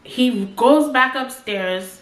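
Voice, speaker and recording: A woman's voice: high-pitched, slow, fairly bright tone. Young woman telling a story, roomy echo. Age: 20s. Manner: talks in loose run-on sentences full of "like". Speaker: storytime vlogger. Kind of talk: casual storytelling.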